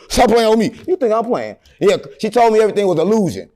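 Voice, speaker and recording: A man tells long, rambling stories in a casual interview. He is animated and jokes with a straight face. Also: high voice, racing, hardly any pauses. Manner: animated, rambling, deadpan joking. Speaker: interview guest.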